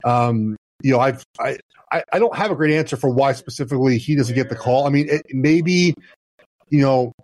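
A man's voice: mid-range voice, moderate pace, a little mellow. A former football player in his thirties, guest on a talk show, explaining plays in a casual, restart-heavy way. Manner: explanatory, many restarts and "you know". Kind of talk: casual podcast chat.

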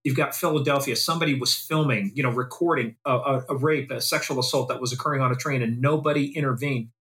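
A man hosting an interview, asking measured, probing questions and often checking with "right?". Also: medium pitch, a bit bright. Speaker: interview host. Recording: roomy echo.

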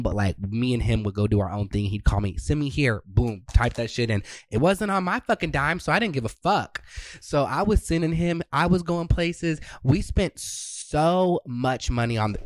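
A male podcast co-host spinning a story in loose, casual chat, peppered with swearing and quick impressions of the people involved. His voice sits at an ordinary pitch, recorded close and dry with no room sound. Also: no echo. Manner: profane, animated storyteller who acts out quotes.

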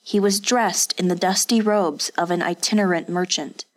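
A woman reading an audiobook in steady, scripted narration. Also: on the low side, moderate pace.

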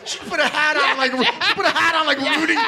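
A man's voice: very high-pitched, fairly quick. A man guesting on a live comedy podcast on a club stage, riffing incredulously and laughing through his lines. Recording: noisy live club recording.

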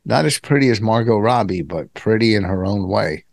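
A man's voice: lowish voice, expressive, normal speed, creaky, darkish tone, dry recording. An older man co-hosting a comedy podcast, joking and bragging in casual banter. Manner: boastful, joking. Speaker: podcast co-host.

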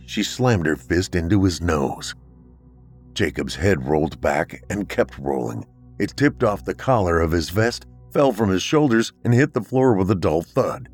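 Deep, expressive male horror narrator. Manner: dramatic, expressive storytelling.

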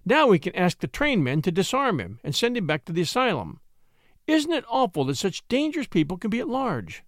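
A man voicing a quick-witted young woman who talks in a high, excited, pleading way. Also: no echo, studio quality, exaggerated voice. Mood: alarmed.

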